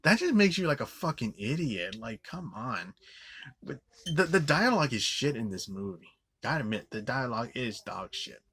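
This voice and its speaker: A man's voice: medium pitch, expressive, normal speed, pushed and bright, slightly rough. A man giving a profane, rambling movie review, scornful and full of "like" fillers and restarts. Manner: swears often, scornful.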